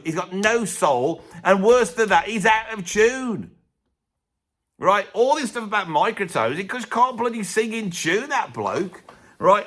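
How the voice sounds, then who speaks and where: A man's voice: high voice, a bit bright. A man in his fifties with an English accent, ranting sarcastically in a ranking video. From Britain. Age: 50s. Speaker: music YouTuber.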